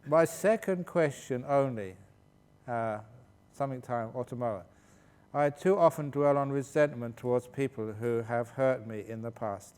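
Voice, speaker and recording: A man, a Buddhist monk, answering questions at a meditation retreat in a humorous, storytelling way and laughing as he goes. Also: a little mellow. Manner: humorous, laughs while telling stories. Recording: long hall reverb with faint low rumble.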